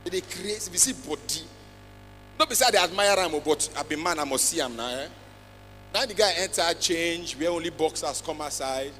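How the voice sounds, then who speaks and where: Nigerian male stand-up, slightly high voice, Pidgin-English mix with loud outbursts, live hall with faint music underneath. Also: expressive, a little fast. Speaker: stand-up comedian. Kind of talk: stand-up comedy routine. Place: large live comedy festival stage.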